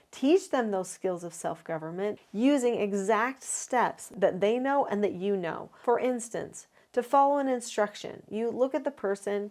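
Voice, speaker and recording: A woman, a parenting educator, giving an instructional talk to camera. She explains her advice clearly and methodically, counting down numbered tips in an earnest, encouraging way. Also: fairly high pitch, darkish tone.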